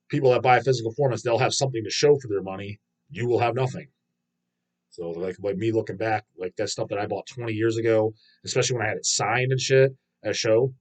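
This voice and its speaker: A man, host of a casual stream, reading viewer comments aloud and answering them in a blunt, swear-heavy rant. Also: lowish voice. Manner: profane, ranting, blunt. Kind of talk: casual live-stream chat.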